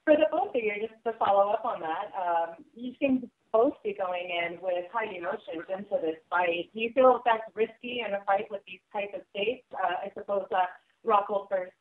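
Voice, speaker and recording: A woman's voice: medium pitch, moderate pace, noisy background. A woman reporter asking fighters polite, direct questions on a press conference call. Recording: tinny phone line.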